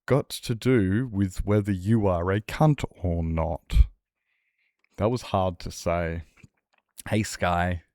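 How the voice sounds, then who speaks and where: A man's voice: fairly low pitch, a little mellow, no room sound, studio quality. A young man streaming a game, chatting casually with chat in a rambling, blunt way and swearing freely. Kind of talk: casual chat while gaming.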